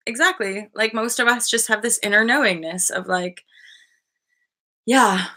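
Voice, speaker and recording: A woman's voice: fairly high pitch, a little slow, pushed and bright. A woman in her thirties hosting a casual live-stream chat, bubbly and laughing often, swearing freely and acting out voices as she tells stories. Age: 30s. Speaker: host.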